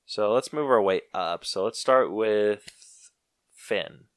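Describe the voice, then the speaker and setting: Casual podcast co-host, man, lowish voice, blunt and quick to laugh, dry booth sound. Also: clean tone, no room sound. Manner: laughs often, blunt opinions. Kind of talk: casual movie review chat.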